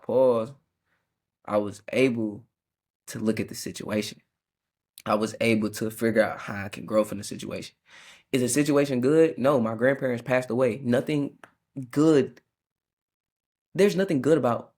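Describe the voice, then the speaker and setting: A man's voice: medium pitch, a little mellow. A young man hosting a faith podcast, reflecting in a casual, slangy way with frequent restarts and self-corrections. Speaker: podcast host.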